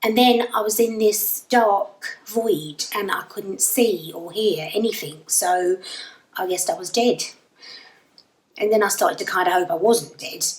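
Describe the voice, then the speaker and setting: A dry, self-mocking young Englishwoman rambles on about her ordinary life, as an actress plays her in an audio drama monologue. Her voice sits at an everyday middle pitch. It sounds roomy and a little far from the mic. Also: unhurried, natural voice. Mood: wry. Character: wry, self-deprecating young woman lost in a void. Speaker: narrator and lead character.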